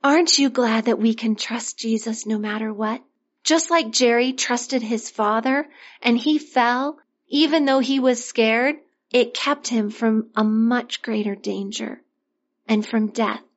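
A woman's voice: on the high side, unhurried. Woman telling a children's sermon story. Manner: gentle, expressive storytelling with questions to listeners. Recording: dull lo-fi recording.

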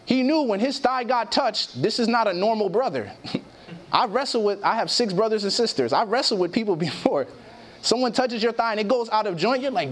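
In a sermon, a man with a high, animated voice speaks at normal speed. Scripture is read aloud, and he keeps asking the audience questions.

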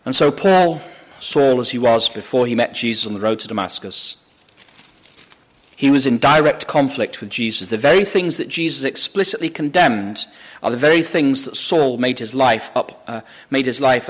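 A man preaching a sermon, reading scripture aloud with emphasis from slides on a screen. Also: medium pitch. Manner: emphatic, rising on quoted scripture. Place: church or lecture hall with slides.

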